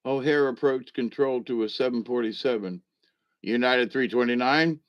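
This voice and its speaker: A man's voice: mid-range voice, normal speed, no echo, dull audio. A man reading jokes aloud in a casual way, chuckling and adding wry asides between them. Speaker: comedy reader.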